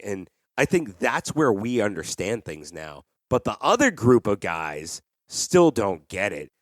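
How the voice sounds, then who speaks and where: A man's voice: on the low side, dry recording, clean studio sound. A man in his thirties hosting a podcast, chatting casually and acting out quoted people as he tells stories. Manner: animated storyteller, acts out quoted voices. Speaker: podcast host. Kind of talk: casual interview chat.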